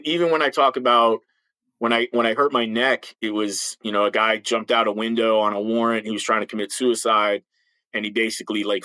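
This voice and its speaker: A man's voice: on the low side, pushed and bright, dry recording, rough recording. A man in his fifties, a retired police officer, telling blunt stories in an interview with a slight lisp and frequent restarts. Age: 50s. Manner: blunt, emphatic, repeats words when starting sentences. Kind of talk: candid interview storytelling.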